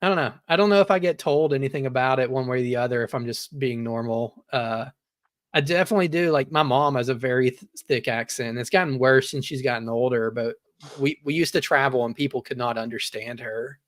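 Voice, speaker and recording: A man's voice: mid-range voice, fairly quick. A man from Georgia with a Southern accent, chatting easygoing on a podcast, hedging with "like" and "I don't know". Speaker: podcast regular. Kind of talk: casual podcast chat.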